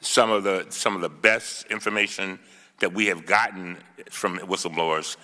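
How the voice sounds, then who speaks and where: A man's voice: low-pitched, fairly even intonation, moderate pace, sharp tone, in a large hall. A man, a congressman, giving an emphatic formal statement at a hearing, reading quoted testimony aloud and stressing key words. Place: large congressional hearing room.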